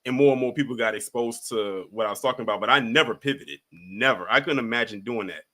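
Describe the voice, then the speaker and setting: A man hosting a casual live call-in stream, talking with a bright, forceful tone. He is laid-back and repeats himself as he brings callers up one at a time. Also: mid-range voice, quick pace. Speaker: livestream host.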